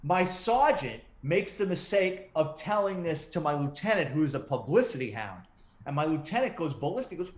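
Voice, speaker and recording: High-pitched and moderately paced, this middle-aged man is a former police detective and writer appearing as a guest in an informal interview. He spins his stories in a lively way, mimicking the voices of people he quotes, in a recording with a roomy echo.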